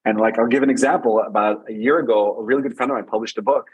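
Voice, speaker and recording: This man's voice has a husky, slightly breathy grain. He sits at a middle pitch and works through relationship advice in an animated storytelling way, often repeating his phrases for emphasis. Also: very fast, poor audio. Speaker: relationship coach guest. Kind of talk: conversational advice.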